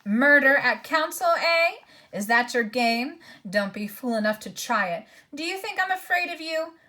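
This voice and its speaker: A woman's voice: high voice, lively intonation, normal speed, bright, forceful tone, pitched above the performer's own voice. Woman doing a surly male dwarf, cold and grumbling, storybook reading. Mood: bitter. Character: bitter, defiant male dwarf.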